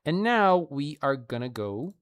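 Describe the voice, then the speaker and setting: A woman's voice: low voice, big pitch swings, a little slow. A woman streamer gushing playfully over fan art in a casual showcase, laughing often.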